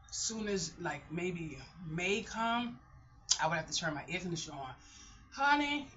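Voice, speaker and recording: This deep, fairly bright voice belongs to a middle-aged woman chatting in an informal vlog. She rambles openly, breaking off and restarting her sentences often, over a dull, lo-fi recording.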